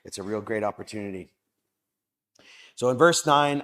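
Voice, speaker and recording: Lively man leading a Bible study. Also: fairly low pitch, moderate pace, pauses often. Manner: lively, swells loud when quoting scripture. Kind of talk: youth Bible study talk.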